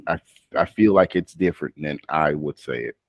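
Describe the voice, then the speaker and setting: A low-pitched man leads a one-on-one speaking practice. He coaches patiently, breaks off to correct and restarts his sentences. The sound is dry and close, with no room around it. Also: a little fast, no echo. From United States. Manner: patient, coaching, self-interrupting. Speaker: speaking tutor.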